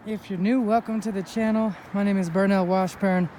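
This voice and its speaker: A man's voice: sits high, steady tone, a little fast, warm tone, slight background noise. A man giving a heartfelt, upbeat spiritual pep talk while hiking a snowy mountain, a little out of breath. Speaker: vlogger. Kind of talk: inspirational vlog talk.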